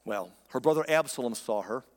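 A pastor delivers a sermon to his congregation in a conversational yet emphatic style, posing rhetorical questions. His medium-pitched voice is lively and brisk, with a big-room sound.

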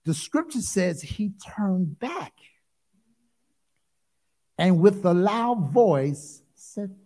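A man's voice: high voice, very animated, very slow, mellow. A male pastor preaching a call-and-response sermon, emphatic, repeating phrases, breaking into whoops and exclamations.

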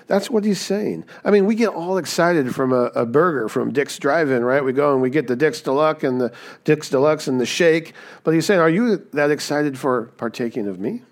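A man's voice: on the high side, lively intonation, normal speed. A man preaching a conversational sermon, often checking in with "right?". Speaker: pastor. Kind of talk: sermon teaching.

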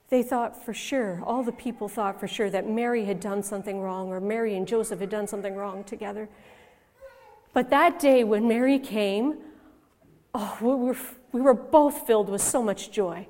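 A woman giving a first-person dramatic monologue as a biblical mother, storytelling expressively and swinging from hushed to loud. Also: mid-range voice, moderate pace. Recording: long reverb in a large hall.

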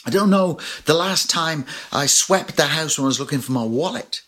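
A man's voice: on the high side, lively intonation, moderate pace, fairly bright tone. A man preaching a sermon as pastor, telling personal stories with light humor. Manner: storytelling with personal anecdotes and humor.

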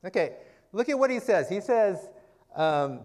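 A man's voice: sits high, big pitch swings, a little slow, darkish tone. A man preaching in a casual, conversational Bible-teaching style, often checking in with "okay" and "right?" and asking rhetorical questions.

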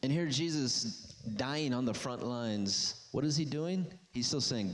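A man's voice: medium pitch, expressive, measured pace. Guy preaching a sermon, reads the verses then gets fired up, voice jumps way up when he pushes a point. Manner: emphatic, rising to near-shouted peaks when stirred. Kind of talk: sermon with scripture reading.

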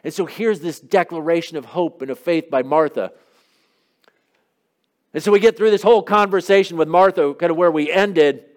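A man's voice: on the high side, moderate pace. A man preaching a sermon, asking the congregation questions in an emphatic way. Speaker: pastor.

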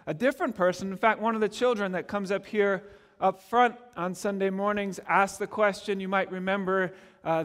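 A middle-aged male pastor from Canada delivering a sermon, earnest and conversational with touches of gentle humor. His voice sits notably high for a man. The sound carries a long reverb, as in a church hall. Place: church sanctuary.

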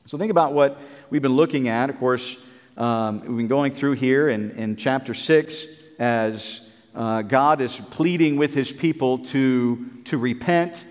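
A man's voice: medium pitch, unhurried, long reverb tail. A man preaching a Bible sermon in an earnest, repetitive way, with many fillers and restarts.

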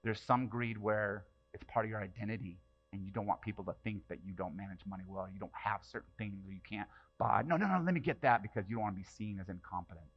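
A man preaching a sermon in church, talking conversationally, throwing rhetorical questions at the congregation, and swinging between loud bursts and hushed asides. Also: lowish voice, fairly even intonation, fast, highs cut off. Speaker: pastor.

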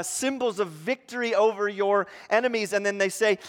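A man preaching a sermon as pastor, talking in a conversational way with fillers and restarts, rising in pitch and volume when he acts out the crowd. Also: fairly even intonation, moderate pace, few pauses, long reverb tail. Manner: grows louder and higher when acting out the crowd.

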